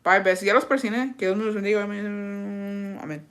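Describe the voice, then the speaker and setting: A young woman hosting a livestream, telling a story in a rapid, profane, casual way and dropping in Spanish words. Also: mid-range voice, steady tone, a bit bright. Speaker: livestream host.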